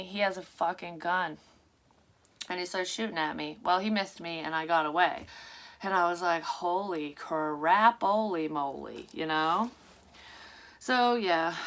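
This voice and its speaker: A middle-aged woman, a psychic medium, telling a dream in a rambling, profane, animated way from her room. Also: fairly low pitch. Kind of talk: casual storytelling of a dream. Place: her room at a tarot table.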